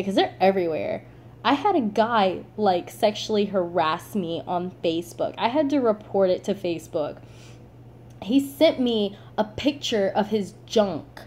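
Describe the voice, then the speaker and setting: Chatty teenage girl with a mellow voice. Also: mid-range voice, a little hiss or hum. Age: late teens. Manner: chatty, animated, lots of "like", laughs. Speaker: vlogger. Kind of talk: casual storytelling to camera.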